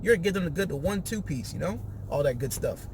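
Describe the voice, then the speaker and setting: A man's voice: a little high, lively intonation, fast, darkish tone, a little hiss or hum. A man hosting a casual podcast, recapping a reality show and acting out quotes in raised voices.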